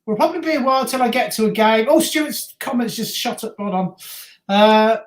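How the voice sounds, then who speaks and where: A woman's voice: on the high side, lively intonation, a little fast. A woman co-hosting a live football reaction stream, reading viewer comments aloud and laughing easily. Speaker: co-host. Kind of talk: live match reaction chat. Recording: roomy echo.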